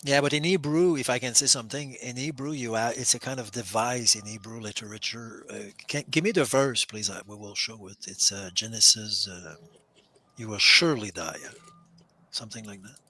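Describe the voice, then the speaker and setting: A man in a casual discussion, explaining Hebrew scripture in an animated way with frequent restarts. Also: on the low side, moderate pace.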